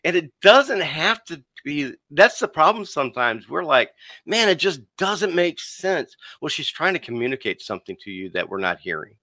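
Animated man telling stories, bright tone. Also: a little high, normal speed, no echo. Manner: animated storyteller acting out dialogue; addresses listener as "dude". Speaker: podcast guest. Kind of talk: casual podcast storytelling.

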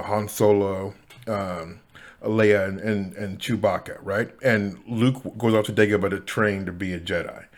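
Male solo podcast host, lowish voice, rambling casual delivery full of "um"s and restarts. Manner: rambling, many fillers and restarts, chuckles.

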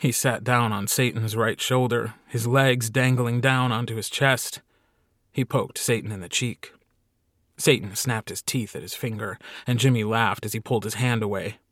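A man's voice: medium pitch, fairly even intonation, normal speed, fairly bright tone, dry recording, clean studio sound. A man reading a short story aloud as an audiobook narrator. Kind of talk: scripted narration.

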